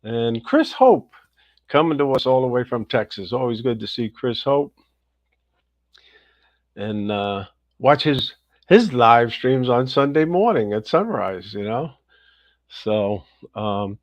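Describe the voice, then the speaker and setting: This livestream host speaks a little slowly at a medium pitch, keeping things casual, upbeat, and chatty as he welcomes viewers individually by name with a lively rising voice. The recording has no echo and a dull, slightly lo-fi dry quality.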